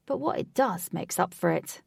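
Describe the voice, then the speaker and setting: A smug, confident young team captain in a storybook, speaking loud and upbeat, as a woman narrator puts him on. The voice is low and gravelly, recorded close and dry. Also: expressive, moderate pace, no room sound, heavily acted.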